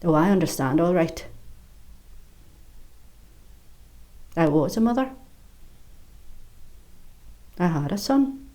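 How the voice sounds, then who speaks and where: A woman's voice: on the low side, expressive, unhurried. A woman playing a fierce, bitter Irish mother. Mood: bitter, grieving. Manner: sharp-tongued, swearing, mocking storytelling. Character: bitter, fierce middle-aged Irish mother, hard-edged. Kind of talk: stage monologue.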